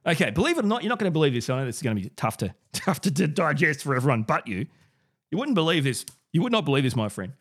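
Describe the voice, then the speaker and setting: Animated, sarcastic man hosting his channel. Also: fairly high pitch, racing, slightly rough. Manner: animated and sarcastic, repeats words. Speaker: podcast and video host. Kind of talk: direct-to-camera commentary.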